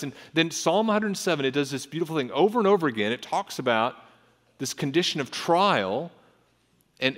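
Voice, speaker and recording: Man preaching in a reverberant hall. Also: fairly bright tone. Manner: earnest, with frequent repetitions and restarts; rises in pitch and force when reading scripture. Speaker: pastor. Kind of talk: sermon.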